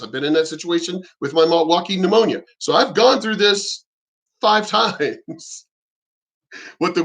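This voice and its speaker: A man's voice: fairly high pitch, fairly bright tone. A man venting to his viewers in an emphatic, indignant rant, swearing often and repeating and restarting his sentences. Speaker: vlogger. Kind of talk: ranting monologue to camera.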